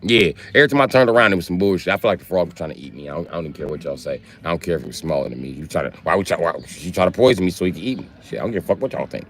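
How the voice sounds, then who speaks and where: Animated profane man telling wild stories. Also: rapid-fire, few pauses. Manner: animated, profane, acts out voices, jumps high in pitch. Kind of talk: profane stand-up storytelling.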